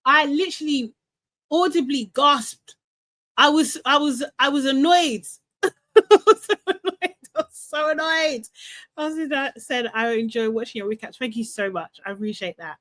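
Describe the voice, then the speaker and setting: A young woman with a slightly high voice hosts a casual live stream, ranting with lots of energy, laughing and repeating herself as she gets worked up. She speaks close to a desk mic. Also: moderate pace, a bit bright. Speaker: host of a live reality TV recap show.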